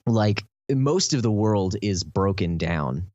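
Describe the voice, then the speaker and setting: A man with a Texan accent and a very low voice talks through a topic in loose, rambling podcast chat, full of fillers. The sound is dry and close, with a slightly dull, muffled tone. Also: lively intonation, slow, darkish tone, dry recording. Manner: rambling, lots of fillers, enthusiastic explaining. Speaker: podcast host.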